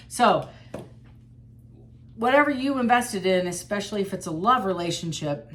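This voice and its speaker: A woman reads tarot casually for her viewers, chatty and blunt, dropping the odd swear word. Her mid-range voice is a bit bright with lively intonation and normal speed, over slight background noise.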